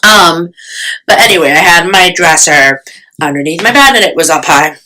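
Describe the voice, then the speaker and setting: Chatty low-voiced young woman vlogger. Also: lively intonation, moderate pace, sharp tone, poor audio. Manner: chatty, filler-heavy, self-mocking. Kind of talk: casual storytime chat.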